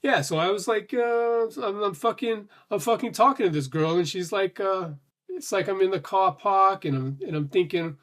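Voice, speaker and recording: A brash, cursing stand-up comedian with a rough Boston accent, as a man attempts the impression rants in a raised, higher-pitched voice. He complains crudely. The accent keeps slipping. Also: normal speed, fairly bright tone. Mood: ranting.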